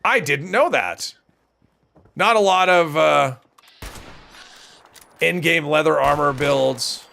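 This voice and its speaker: A man's voice: a little high, takes it slowly, gravelly, pauses often, pushed and bright. A man streaming a video game, rambling and thinking aloud in casual commentary, with a stuffy nose. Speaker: gaming streamer.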